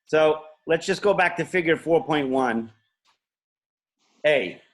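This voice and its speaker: A man's voice: a little high, animated, takes it slowly. A man giving an informal lecture in a casual, rambling way, often interrupting himself. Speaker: teacher.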